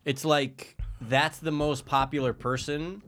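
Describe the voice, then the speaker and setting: A man's voice: a little high, fairly even intonation, a little slow, fairly bright tone. A man co-hosting a podcast in casual chat, laid-back and swearing freely. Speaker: podcast co-host.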